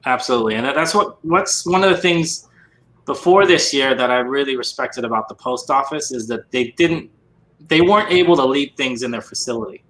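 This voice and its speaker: Bright-voiced man in an echoey room. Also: mid-range voice, a little hiss or hum. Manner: measured, thoughtful, halting restarts. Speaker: podcast host. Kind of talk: casual chat.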